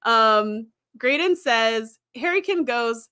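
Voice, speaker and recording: A woman's voice: a little high, lively intonation, takes it slowly, bright, forceful tone, clean tone, dry recording, clean studio sound. A young woman hosting a casual livestream, rambling through viewer comments with lots of ums, likes and easy laughter. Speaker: livestream host.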